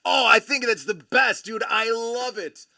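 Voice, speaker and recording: A man hosting a live stream, excitedly opening trading cards and exclaiming over each one. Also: very high voice, unhurried. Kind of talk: live-stream card breaking.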